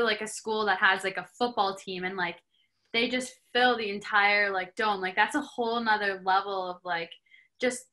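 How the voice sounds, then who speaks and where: Woman, twenties, from Canada, hockey player guest, chatty, bright voice. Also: medium pitch. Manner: chatty, lots of filler words and laughs. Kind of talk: casual interview chat.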